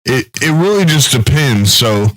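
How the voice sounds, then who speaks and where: A man's voice: medium pitch, very animated, unhurried, a bit bright, no echo, poor audio. A man speaking as a guest on a casual podcast chat, explaining things plainly and step by step. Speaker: guest, Air Force veteran.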